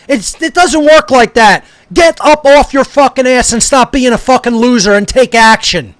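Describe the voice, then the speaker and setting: A man's voice: extremely high pitch, a little slow, hardly any pauses, fairly bright tone, no echo. A man delivering an aggressive, profane rant that berates his listeners. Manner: aggressive, berating, swearing constantly. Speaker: speaker. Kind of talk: profane ranting monologue.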